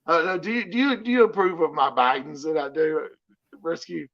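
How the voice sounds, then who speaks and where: A man's voice: a little high, fairly quick, gravelly. A man with a Southern accent hosting a livestream, talking loosely and profanely and peppering his speech with "you know what I'm saying". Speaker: livestream host. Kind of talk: casual livestream chat. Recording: muffled lo-fi stream audio.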